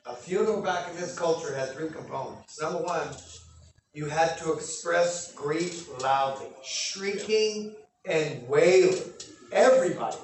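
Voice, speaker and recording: Man preaching, recorded far off in an echoey hall; high voice, lively scene-painting delivery. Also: moderate pace, slight background noise. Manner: animated, acts out scenes with loud bursts. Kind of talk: sermon teaching from scripture. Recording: echoey room, speaker far from mic.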